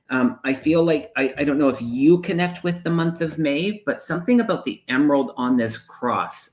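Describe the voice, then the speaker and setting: A man hosts psychic readings on a live video stream. He talks softly and meanders, thinking aloud through loose everyday analogies. His pitch is average for a man. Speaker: psychic medium and stream host.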